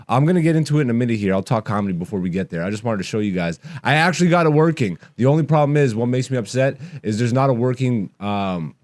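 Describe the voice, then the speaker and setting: A man in his thirties, a comedian hosting his podcast, chatting casually and rambling in a relaxed, self-deprecating way. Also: medium pitch. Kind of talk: casual podcast chat over gameplay.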